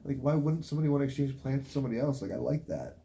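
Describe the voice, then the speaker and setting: A man, hosting a casual radio chat in an animated way. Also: mid-range voice, gravelly. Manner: animated, laughs, does quick voices in stories. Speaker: radio show host. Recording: faint ambient noise.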